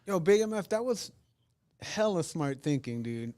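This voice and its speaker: A man co-hosting a podcast, reacting to a story with excitable, profane remarks. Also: on the high side, unhurried, no echo, studio quality. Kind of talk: casual chat.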